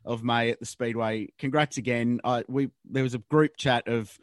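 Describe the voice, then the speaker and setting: A man's voice: mid-range voice, fairly even intonation, no echo, studio quality. An Australian man hosting a motorsport program, wrapping up an interview with friendly thanks. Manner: friendly, quick affirmations. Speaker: host. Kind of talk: casual interview.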